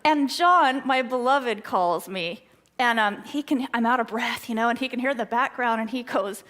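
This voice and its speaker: A middle-aged woman giving an earnest, excitable talk at a church, telling stories from her own life. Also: on the high side, normal speed. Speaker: guest speaker.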